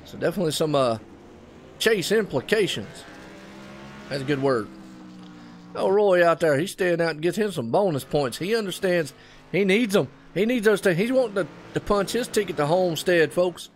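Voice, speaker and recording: A man from North Carolina with a Southern US accent, calling a live race in a chatty, excitable play-by-play that keeps turning to folksy asides to viewers. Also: high voice, normal speed, slight background noise. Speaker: race commentator.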